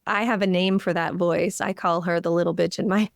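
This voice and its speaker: A woman hosts a business podcast in a low, smooth voice. She is encouraging and emphatic, cheering on her guest. The recording is dry and close. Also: steady tone, brisk, dry recording. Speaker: podcast host. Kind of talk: casual podcast interview.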